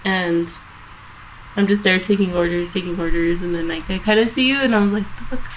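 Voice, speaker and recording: A woman's voice: fairly low pitch, a little fast, slight background noise, poor audio. A woman casually telling a story on a podcast, swearing a lot and acting out quotes. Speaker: podcast co-host.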